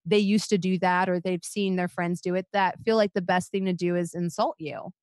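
In clean studio sound with no room echo, a young podcast co-host with a lowish voice tells stories at a normal pace. She's animated and casual, saying "like" constantly and swearing often.

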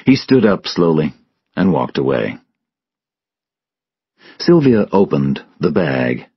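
A man narrating a story for English learners in a measured, clear way. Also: extremely low pitch, sing-song, no room sound, muffled recording. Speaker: audiobook narrator.

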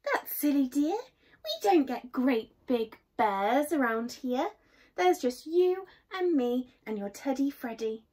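Woman playing a brisk reassuring storybook mum. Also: sits high, lively intonation, warm tone, exaggerated voice. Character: kind reassuring mother of a little boy.

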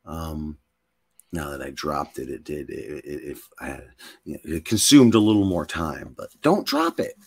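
A man's voice: rumbling low, moderate pace, breathy edge. A man co-hosting a casual podcast, telling loose, joking stories full of swearing. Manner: profane, joking, storytelling. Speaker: podcast co-host. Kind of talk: casual podcast chat with tangents.

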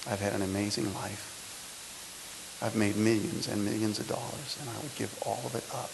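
A man in his sixties giving a motivational speech to students, his delivery swinging between loud emphasis and soft, intimate lines. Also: lowish voice, fairly even intonation, normal speed, vocal fry, background noise. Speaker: speaker. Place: lecture hall.

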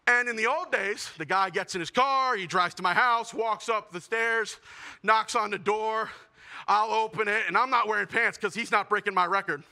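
A young man performing a self-mocking stand-up comedy set, building to shouted punchlines. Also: high-pitched, normal speed. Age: young adult.

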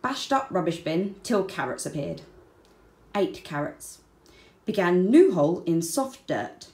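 A woman reading a children's storybook aloud, slow and deliberate, with soft, breathy word endings. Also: fairly low pitch, sing-song. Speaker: children's book reader. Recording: roomy echo.

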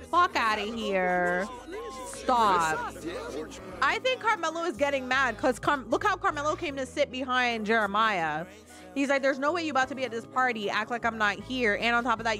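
A woman giving casual, profane gameplay commentary, voicing her characters' thoughts in quick asides. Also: sits high. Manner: lively, swearing, voices characters' thoughts in asides. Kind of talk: casual let's play commentary.

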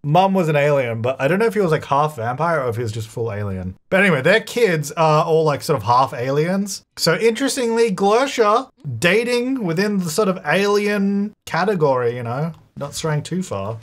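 A man hosting a gaming channel, thinking aloud in chatty gameplay commentary, self-correcting as he goes and breaking into excited bursts. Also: on the high side. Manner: excitable bursts, quick laughs. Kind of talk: let's-play gameplay commentary.

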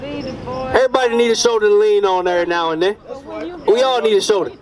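A man's voice: high-pitched, fast, a crowd in the background. A man preaching an emphatic outdoor street sermon, repeatedly checking that his listeners understand. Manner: emphatic, repeats "you understand" and "all right". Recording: distant outdoor street recording.

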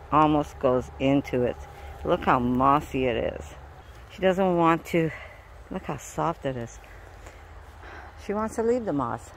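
A woman's voice: deep voice, slight background noise. A middle-aged woman, tired and out of breath, chatting casually as she walks through the woods filming on her phone. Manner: rambling, breathy asides while walking. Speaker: vlogger. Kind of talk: casual walking vlog. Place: outdoors in woods.

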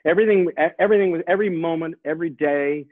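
A man in his sixties, a guest rock musician, telling stories in an excitable way with many repeated words and restarts, heard over a phone line. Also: fairly high pitch, rapid-fire, no echo. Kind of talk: animated storytelling. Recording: tinny phone line, dry.

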